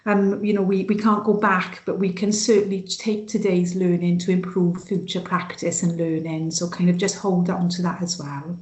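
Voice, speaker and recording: A woman's voice: lowish voice, flat delivery, moderate pace, hardly any pauses, a little mellow, reverberant. Sing-song Welsh Valleys woman presenting. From Wales. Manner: sing-song, many fillers and restarts. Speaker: trainer. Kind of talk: online training presentation. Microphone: video call.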